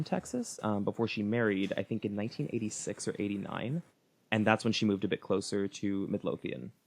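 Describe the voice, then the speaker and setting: A man's voice: fairly low pitch, creaky. A young man co-hosting a true-crime podcast, chatting casually and laughing often as he tells stories. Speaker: podcast co-host.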